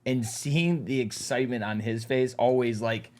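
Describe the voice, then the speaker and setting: A man's voice: mid-range voice, steady tone, moderate pace, darkish tone. A man hosting a talk show in a studio, chatting casually in an upbeat, hype-man manner. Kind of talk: casual chat.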